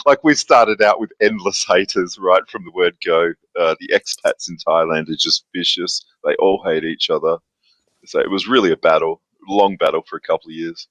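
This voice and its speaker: A man's voice: deep voice, moderate pace, a bit bright, dry recording, rough recording. A man telling a story in casual live-stream chat, bluntly and with frustration, with swearing and many fillers. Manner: uses filler words often. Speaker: guest.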